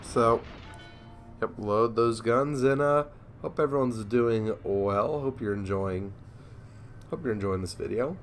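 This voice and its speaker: A man's voice: medium pitch, takes it slowly, soft background music. A young man giving casual, rambling commentary over a naval war game, sleepy and yawning, joking at himself. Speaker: gameplay commentator.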